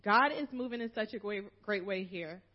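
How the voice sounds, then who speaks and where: A woman's voice: medium pitch, expressive, moderate pace, dull audio. A woman from Philadelphia reading a prepared farewell speech to her church, emotional and holding back tears. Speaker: minister's wife giving a farewell talk.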